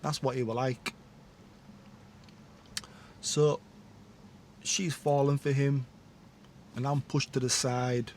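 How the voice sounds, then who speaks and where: A man's voice: medium pitch, little pitch movement, slow pace, long pauses, darkish tone, a little hiss or hum. A man telling his own life story in a candid, rambling monologue, full of blunt asides and tag questions.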